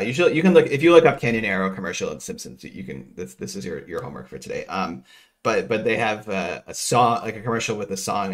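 A middle-aged man from New Jersey giving a casual economics lecture, working through equations aloud with rambling asides and frequent self-interruptions. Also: on the low side.

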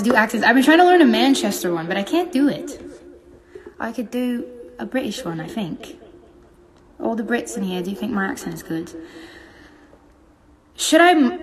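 A young woman in her twenties hosting a casual phone livestream, chatty and playful, reading comments aloud and humming between remarks. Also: mid-range voice. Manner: chatty, playful, reads comments aloud, hums and breaks into song.

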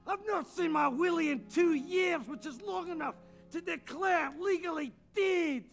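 An actor playing a crude, gluttonous obese henchman with a Scottish accent and a bellowing, gravelly voice, in a film comedy. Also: very high-pitched, measured pace, in a large hall, faint music behind, exaggerated voice. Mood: self-pitying.

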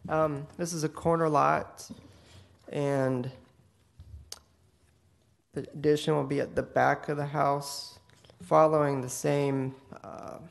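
A man, a city planner, giving a staff report at a public meeting, brisk with some fillers. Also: on the high side, little pitch movement, creaky.

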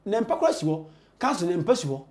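A man being interviewed, talking in an emphatic, preachy way with sudden loud bursts. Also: high-pitched, very animated, fast talker. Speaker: interview guest. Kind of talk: animated conversational interview.

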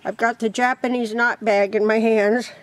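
A woman vlogging outdoors beside her chicken coop, in a higher-than-average voice. She chats loosely and rambles from one thing to the next, breaking into laughs often. Chickens cluck in the background. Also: little pitch movement, moderate pace. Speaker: crochet vlogger. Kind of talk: casual vlog chat.

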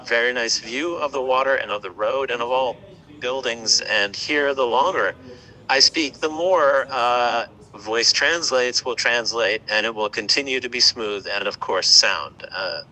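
A man giving a live product demo on a phone call outdoors by the water, talking haltingly with repeated words and fillers. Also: mid-range voice, bright, forceful tone. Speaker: tech demo presenter.

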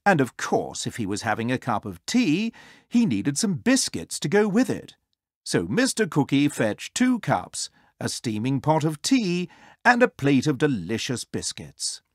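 A storybook narrator reading a children's tale aloud in an expressive, sing-song way. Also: mid-range voice, a little slow, no room sound, studio quality.

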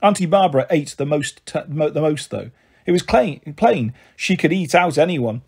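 A man's voice: fairly high pitch, lively intonation, normal speed, vocal fry, a little mellow, slightly rough. Man reading a children's story aloud.

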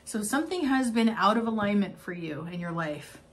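A woman's voice: medium pitch, expressive, a little fast, a little hiss or hum. A young adult woman giving a spiritual oracle card reading, talking in an effusive, rambling way with many fillers and frequent laughs.

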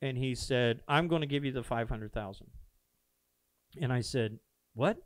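A man's voice: medium pitch, moderate pace, no room sound. Earnest man telling a story on a podcast. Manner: earnest, animated retelling with quoted dialogue. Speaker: pastor telling a founding story. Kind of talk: casual storytelling conversation. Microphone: podcast microphone.

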